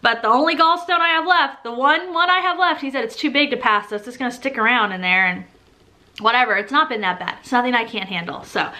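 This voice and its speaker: Young woman, pregnant, rambling vlog chat, frequent laughs, fairly high, bright tone. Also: quick pace. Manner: chatty, rambling, laughs often. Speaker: vlogger. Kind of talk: casual pregnancy update vlog.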